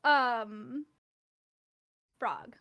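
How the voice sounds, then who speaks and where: A woman playing along in a game show, giggly and quick to argue. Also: fairly high pitch, gravelly, lo-fi sound. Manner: giggly, animated, argumentative. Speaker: contestant judge. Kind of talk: casual game-show banter.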